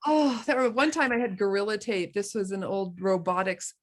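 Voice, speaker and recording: A woman co-hosting a casual wellness chat, telling animated stories, laughing often and trailing off mid-sentence. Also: medium pitch, normal speed. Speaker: co-host of a wellness group chat.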